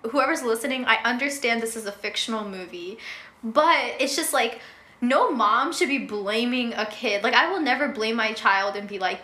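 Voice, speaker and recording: Young woman, podcast co-host, casual animated chat, high bright voice, echoey room. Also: normal speed. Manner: animated, chatty, laughs often.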